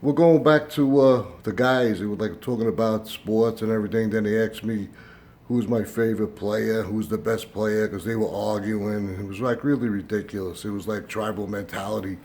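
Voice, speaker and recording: A low-voiced older YouTube host gives a casual, meandering monologue to camera, filling it with fillers. He speaks at normal speed, his voice climbing as he gets animated retelling the story.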